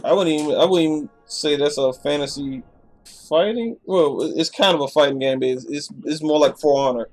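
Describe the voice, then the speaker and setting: With faint music in the background, a man gives casual live reaction commentary on stream, sleepy, yawning and chatty, frequently starting sentences over. His voice is fairly high and darkish in tone, and he talks fairly quickly.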